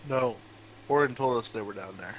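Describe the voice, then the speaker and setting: Halting man full of fillers. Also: medium pitch, dull audio, a little hiss or hum. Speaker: player. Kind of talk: tabletop game play over voice chat.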